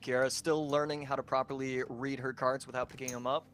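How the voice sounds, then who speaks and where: A man's voice: medium pitch, little pitch movement, brisk, fairly bright tone, slight background noise. Upbeat male poker commentator. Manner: laughing, upbeat play-by-play.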